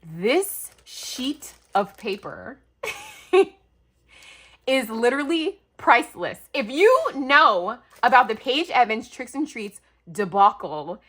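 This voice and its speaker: Gushing, excitable woman opening mail. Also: on the high side, slow pace. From United States. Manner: gushing, talkative, breathless bursts of excitement. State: emotional, near tears. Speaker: craft YouTuber. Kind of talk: excited unboxing vlog.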